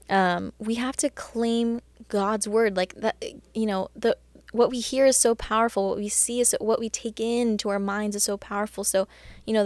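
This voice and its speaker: A woman's voice: mid-range voice, a little mellow, no echo. Chatty woman giving casual faith talk. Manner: chatty, full of "like" and "you know"; earnest and encouraging. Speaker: Christian podcast host.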